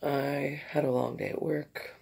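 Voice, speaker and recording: A tired woman with a raspy voice, chatting casually and rambling between bites in an eating vlog. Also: sits low, flat delivery, unhurried, darkish tone, slight background noise. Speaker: mukbang vlogger.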